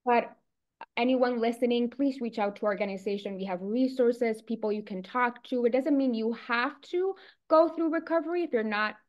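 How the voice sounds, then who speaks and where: A woman's voice: on the high side, normal speed. A woman hosting a chat, speaking admiringly and encouragingly. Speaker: host. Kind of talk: casual chat. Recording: dull lo-fi audio.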